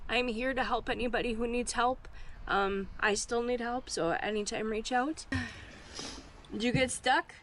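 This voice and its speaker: A woman's voice: fairly high pitch, steady tone, unhurried, noisy background. A woman vlogger giving a candid, heartfelt update on her weight loss, close to tears at times. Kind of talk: emotional personal update.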